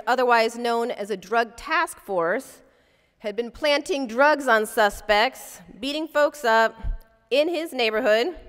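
Her voice is fairly high, smooth and fairly bright. She's a woman lecturing in a lecture hall as a civil rights lawyer, vividly telling a personal story and acting out quoted voices, with the large hall's long reverb on the recording.

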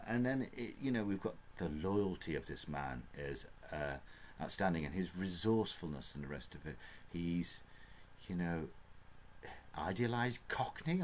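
A man talks through a book review off the cuff, wandering between points with plenty of fillers and little chuckles. His voice sits very low, and a faint hiss runs under the recording. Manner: rambling, chatty, with frequent fillers and chuckles.

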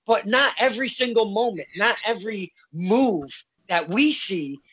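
A man's voice: sits high, unhurried, fairly bright tone, slightly rough, no room sound, poor audio. A man hosting a casual interview, speaking politely with frequent stumbles and restarts. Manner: hesitant, stumbling, polite phrasing. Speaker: interview host.

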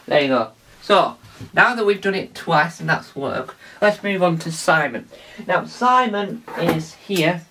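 A man's voice: fairly high pitch, lively intonation, measured pace, bright, forceful tone, distant mic. Rambling man hosting a vlog. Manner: rambling, with many fillers and restarts. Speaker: video host. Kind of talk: casual tutorial vlog.

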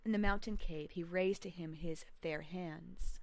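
A woman teaching history at home, reading a text aloud and pausing to explain it in a measured, explanatory way. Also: fairly low pitch, fairly even intonation, vocal fry, no echo, poor audio. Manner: measured, explanatory, adds side comments. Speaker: homeschool teacher.

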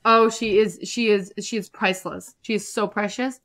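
A woman giving casual, chatty commentary over a life-simulation game, excitable and prone to repeating herself. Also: medium pitch, normal speed. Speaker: gaming YouTuber. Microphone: desktop USB microphone.

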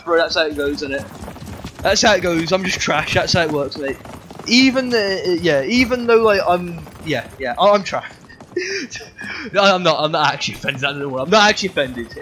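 A man's voice: high-pitched, pushed and bright. A young man livestreaming a game, bantering with chat in a sweary, joking way. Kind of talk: live game streaming chat.

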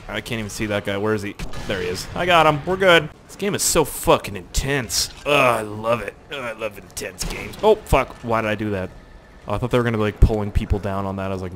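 A man's voice: lowish voice, fast talker, a bit bright, slight background noise. A young man doing rambling, joking let's play commentary, swearing often as he plays. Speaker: gaming YouTuber.

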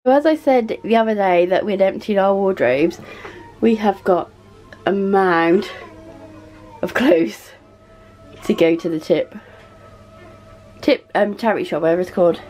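A woman's voice: mid-range voice, unhurried, long pauses, a little mellow, faint music behind. A woman, chatting casually to camera while doing chores around her family home. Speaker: vlogger, mother of four. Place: family house, indoors.

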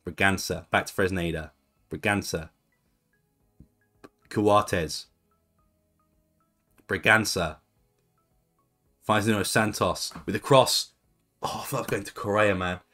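A man's voice: lowish voice, fairly even intonation, takes it slowly, pauses often, sharp tone, faint music behind. A young man chatting casually as he comments on his own football management game, reacting to each move as it plays. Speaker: gaming YouTuber.

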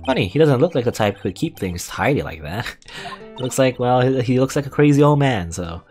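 A man commenting casually on a game as he plays, musing aloud with fillers and quick asides. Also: medium pitch, very animated, darkish tone, faint music behind. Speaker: let's play gamer.

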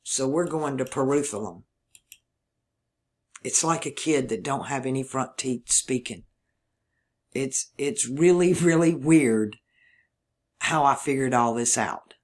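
Speaking slowly in a mid-range voice and pausing often, a Mississippi-born host with a Southern drawl thinks out loud in a rambling solo monologue for his video channel, spelling words out one letter at a time.

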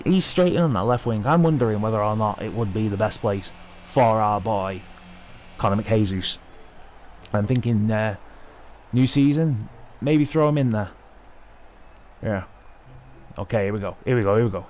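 A young man giving excitable, sweary live commentary over his own hockey video game match. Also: on the low side, moderate pace, a little hiss or hum. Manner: sweary, excitable, talking at the screen. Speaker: gaming video host.

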